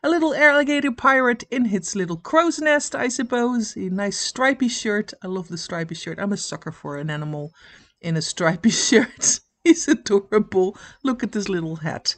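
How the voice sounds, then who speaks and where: A woman hosting a crochet channel, giving casual commentary and gushing over projects, chatty and giggly, with many 'uh' pauses. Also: medium pitch, lively intonation, a bit bright. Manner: enthusiastic, piling on cute and cool.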